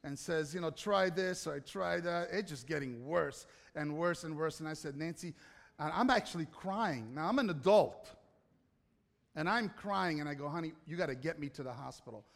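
A man preaching to an audience, telling a self-mocking personal story in an animated way with asides to the crowd. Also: fairly high pitch, moderate pace, creaky. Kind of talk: storytelling sermon. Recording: hall reverb.

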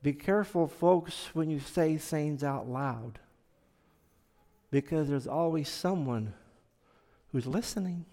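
A man giving a personal testimony, telling it slowly and earnestly, dropping to a hush and then rising loud. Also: fairly high pitch, in a large hall. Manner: slow, earnest storytelling that swings from hushed to loud.

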